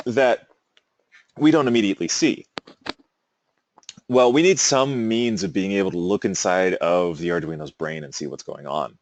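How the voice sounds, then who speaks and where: A man's voice: mid-range voice, no room sound. A male teacher giving a casual classroom lecture, wandering into amused side stories. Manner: casual, rambling, self-amused asides.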